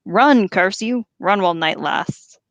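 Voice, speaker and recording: A woman voicing a gruff male orc captain who barks harsh, impatient orders in a storybook reading. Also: mid-range voice, a little slow, fairly bright tone, no echo, dull audio, natural voice. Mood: commanding.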